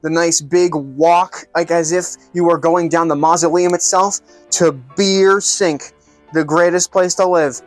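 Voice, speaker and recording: A man's voice: fairly high pitch, steady tone, unhurried, no echo, soft background music. A man hosting a comedic cooking vlog, narrating in a playful, mock-grand showman way. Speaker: cooking show host.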